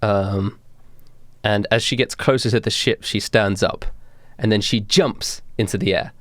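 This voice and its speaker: A man narrating a tabletop game as game master, unhurried and with many fillers. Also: lowish voice, fairly even intonation, fairly bright tone, no echo, studio quality.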